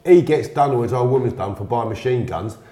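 A man's voice: medium pitch, expressive, a little fast, mellow. Blunt, slangy man, roomy sound. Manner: blunt, slangy, swears freely. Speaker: interview guest. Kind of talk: storytelling in conversation. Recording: roomy echo.

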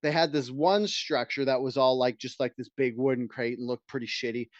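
A man's voice: medium pitch, fairly even intonation, a little fast, dry recording, highs cut off. A man co-hosting a podcast in casual chat, telling stories in a profane, ranting way. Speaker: podcast co-host.

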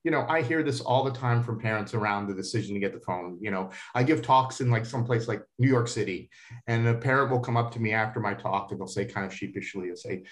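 A man's voice: on the low side, fast. Earnest middle-aged man giving advice. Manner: earnest, advising, repeats words as he thinks. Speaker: expert guest, parent. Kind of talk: interview answers.

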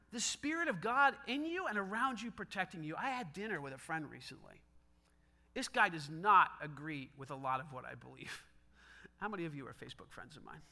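High, bright, animated male preacher. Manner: animated, conversational, acts out dialogue, laughs often. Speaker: pastor. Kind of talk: sermon.

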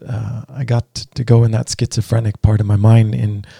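A man's voice: on the low side, little pitch movement, normal speed, gravelly, dark tone, husky, no echo, studio quality. A man hosting a conversational interview, asking long, rambling questions with many restarts. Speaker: podcast host.

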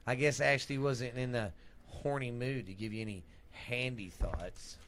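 A man's voice: medium pitch, steady tone, unhurried, a bit bright, a little hiss or hum. A man co-hosting a casual podcast, joking around and goofing off. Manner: goofy, does silly accented cow impressions. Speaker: podcast co-host.

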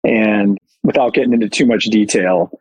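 Guy, husky voice, candid animated storytelling, pokes fun at himself. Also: on the low side, normal speed, dull audio. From Chicago. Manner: animated, candid, self-deprecating. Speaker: guest, company founder. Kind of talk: casual storytelling.

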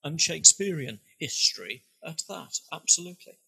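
Bright, husky man from Birmingham. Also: a little high, sing-song, moderate pace, poor audio. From Birmingham, England. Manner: dry, teasing. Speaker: podcast co-host. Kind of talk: casual chat.

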